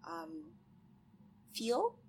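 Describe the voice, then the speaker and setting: A woman's voice: very high voice, very animated, drawn-out words, creaky, darkish tone. A woman co-hosting a podcast, chatting casually in a bubbly, joking way and laughing easily. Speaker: podcast co-host. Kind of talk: casual chat.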